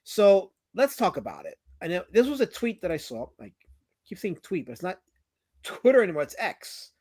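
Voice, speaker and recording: A man hosting a livestream, teasing his chat and guest in casual banter, swinging from loud outbursts to mumbled asides. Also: sits high, big pitch swings, normal speed, breathy edge, no echo. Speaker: livestream host.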